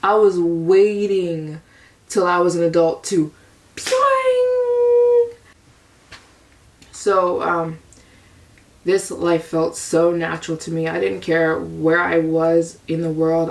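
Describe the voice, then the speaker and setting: A young American woman vlogger tells a candid, rambling personal story, confessional and full of repeats. Her voice sits low with vocal fry and a slightly mellow quality, and she's a little distant from the mic.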